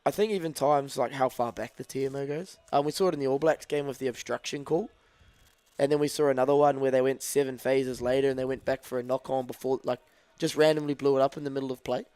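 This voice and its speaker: A man co-hosting a rugby podcast, measured and analytical, talking through tactics at length. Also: mid-range voice, steady tone, darkish tone, smooth, no echo. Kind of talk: live watch-along sports podcast chat.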